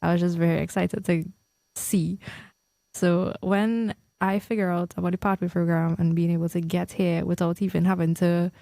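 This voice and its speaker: A woman's voice: fairly low pitch, creaky, no echo. A young woman from Trinidad with a Trinidadian accent, chatting casually as a podcast co-host and laughing often. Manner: chatty, laughs often, quick bursts when excited. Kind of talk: casual chat.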